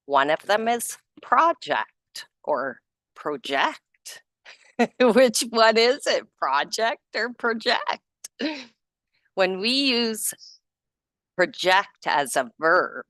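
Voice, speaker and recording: A woman reads aloud to an online group at an unhurried pace, her voice rising and falling a lot. She chats between passages, laughs often and corrects herself. The sound is dry and close. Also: on the low side, very animated, bright, forceful tone, no echo. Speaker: group reader. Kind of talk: casual reading and group discussion.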